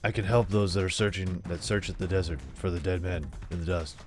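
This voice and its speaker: Man putting on a low, murmuring mystery caller, quiet and cryptic. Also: fairly even intonation, a little fast, soft background music, natural voice.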